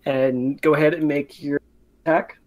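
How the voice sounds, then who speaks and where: A young man running a tabletop game as dungeon master, narrating with many fillers and pauses. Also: a little high, flat delivery, background noise.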